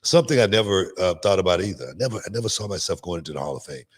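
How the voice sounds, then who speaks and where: A middle-aged man, a former wrestler co-hosting a podcast, talking casually in a halting way with many "you know"s. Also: low voice, breathy edge. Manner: relaxed, halting, heavy use of "you know". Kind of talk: casual chat.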